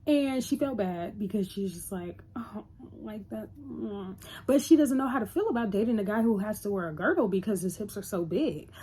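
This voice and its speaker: A woman's voice: medium pitch, a little fast, hardly any pauses, warm tone, breathy edge. A woman casually recapping a TV episode in a loose, chatty retelling. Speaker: TV reviewer.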